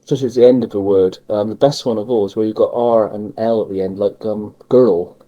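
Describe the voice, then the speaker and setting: A man interviewing in a casual conversation, hesitant and filling pauses with ums. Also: lowish voice, fairly even intonation, mellow, muffled recording. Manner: hesitant, many fillers.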